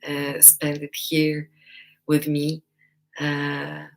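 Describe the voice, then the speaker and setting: A woman giving a live online talk as a personal development coach, gentle and encouraging, pausing often and laughing now and then. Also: low-pitched, monotone, creaky, rough recording. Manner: speaks with many pauses and fillers.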